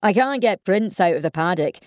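A woman's voice: fairly low pitch, animated, a little fast, darkish tone, no echo, studio quality, lightly acted. A woman doing an impatient young farmer. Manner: impatient, calling out. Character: hurried young farmer boyfriend.

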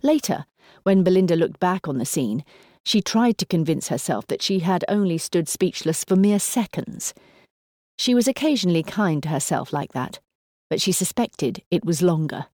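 A woman narrates a novel in a steady storytelling voice. Her tone is low and mellow, and the close, dry recording has no room sound. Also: moderate pace, no room sound. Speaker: audiobook narrator. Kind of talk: scripted narration.

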